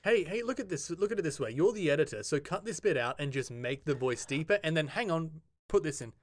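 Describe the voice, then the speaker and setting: A man's voice: fairly high pitch, lively intonation, fast. A man co-hosting a podcast, teasing and joking in casual banter. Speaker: podcast co-host.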